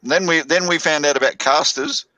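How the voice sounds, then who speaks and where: Brief: wry, teasing man, slightly raised pitch, bright tone. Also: fairly quick, dry recording, poor audio. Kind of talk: casual chat among friends.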